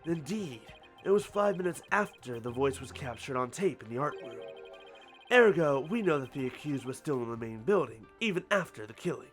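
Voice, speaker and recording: A man voicing a stern, menacing male prosecutor, speaking in a slow, grave manner. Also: medium pitch, lively intonation, fairly bright tone, soft background music, close to an everyday voice.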